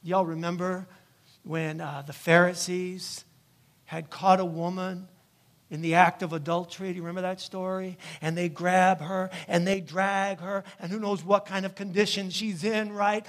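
A man's voice: sits high, little pitch movement, moderate pace. A male pastor preaching a sermon in church, emphatic and repetitive, often checking in with "right?".

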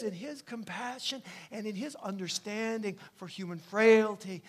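A man's voice: high voice, measured pace, hardly any pauses. A male pastor preaching a sermon in church, emphatic and repetitive, often checking in with "right?".

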